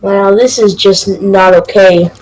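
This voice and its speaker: A woman playing a choose-your-path story game, answering quickly and reacting to the events. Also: mid-range voice, fairly even intonation, darkish tone, rough recording. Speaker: player. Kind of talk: casual role-play.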